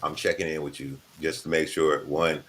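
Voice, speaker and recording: Deep-voiced laid-back man co-host. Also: flat delivery, normal speed, a bit bright. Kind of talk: casual podcast chat.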